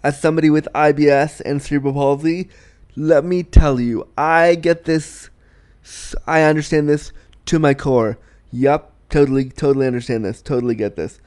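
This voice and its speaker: A young man hosting a podcast, answering a listener's question in a frank, animated, self-deprecating way. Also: fairly high pitch, moderate pace, clean tone. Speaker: podcast host. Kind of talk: candid advice chat.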